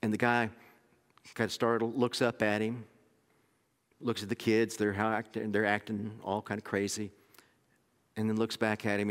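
A middle-aged man with an Oklahoma accent, preaching a sermon in a relaxed, conversational storytelling way that often restarts its phrases. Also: fairly low pitch, moderate pace, long pauses. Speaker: pastor. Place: church sanctuary. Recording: long sanctuary reverb.

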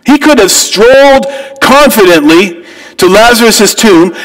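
A man's voice: high-pitched, lively intonation, slow pace, fairly bright tone, low-quality recording. An American man preaching a sermon as pastor, reading scripture and then asking earnest rhetorical questions with rising emphasis. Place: church sanctuary.

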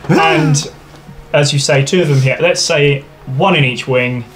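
A man's voice: on the high side, very animated, unhurried. A man playing a tabletop role-playing game, joking and laughing with the group. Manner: playful, laughing. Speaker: player. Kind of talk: tabletop role-play chat. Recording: loud music bed under voices.

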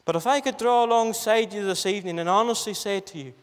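A man preaching with earnest, pleading insistence, pressing the same questions again and again. His voice sits high. The sound carries a long reverb from a church hall. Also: fast talker, few pauses. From Northern Ireland. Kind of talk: gospel sermon.

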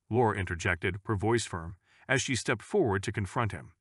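A man reading a scripted story in a measured, even storytelling manner. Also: lowish voice, husky, no room sound, clean studio sound. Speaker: narrator.

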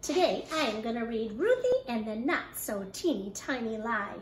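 A woman kindergarten teacher reading a picture book aloud with expressive, animated storytelling. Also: on the high side, moderate pace, a little hiss or hum. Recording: echoey room.

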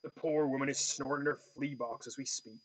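A man's voice: mid-range voice, fairly even intonation, brisk, dry recording, close to an everyday voice, rough recording. A man voicing a grasping male lodging-house manager who talks bluntly and haggles over money. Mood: grumbling.

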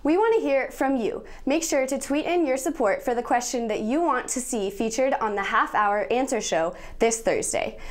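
Young woman co-presenting, high and friendly. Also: normal speed, few pauses. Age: young adult. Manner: friendly, prompts viewers to tweet. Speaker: student co-presenter. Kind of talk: scripted TV segment presenting.

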